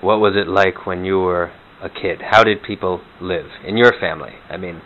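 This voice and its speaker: A man's voice: low voice, normal speed. A man interviewing a guest in a casual, prompting way. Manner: prompting, conversational. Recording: muffled, noisy.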